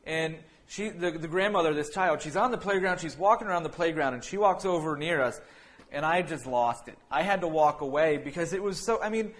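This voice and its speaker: A man's voice: a little high, a little fast, fairly bright tone. A man preaching a sermon in a casual storytelling way, rambling through an anecdote with many restarts and fillers. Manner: breaks into laughter while telling a funny story.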